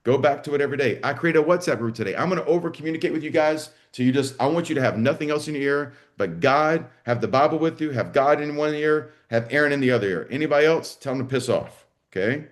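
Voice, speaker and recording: A man's voice: a little high, quick pace, few pauses. A man coaching a live online session for school owners, blunt and salty, often acting out both sides of a conversation. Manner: blunt, salty, energetic, acts out dialogue. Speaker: business coach for martial arts school owners.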